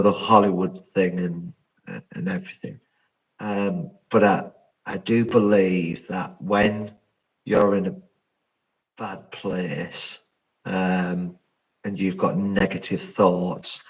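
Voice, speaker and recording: A man working as a paranormal investigator, talking to a live stream in a hushed, rambling way with many ums, alone indoors at night and recording on a phone. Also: sits low, poor audio. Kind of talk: live stream, answering chat.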